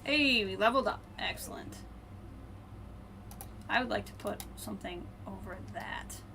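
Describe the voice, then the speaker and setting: A woman streaming a video game, thinking aloud and muttering to herself, then brightly greeting her viewers. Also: medium pitch, measured pace, creaky, slight background noise. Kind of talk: casual live-stream chat while playing.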